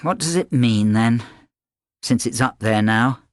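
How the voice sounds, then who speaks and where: A man's voice: mid-range voice, a little slow, no room sound, clean studio sound, lightly acted. A man voicing a sulky, sarcastic teenage girl in an audiobook reading.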